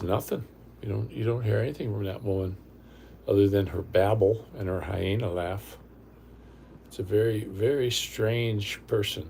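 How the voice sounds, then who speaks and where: A man's voice: fairly low pitch, vocal fry, darkish tone, a little hiss or hum. An older man hosting a casual livestream from home, talking bluntly and rambling, often repeating himself. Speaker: livestream host.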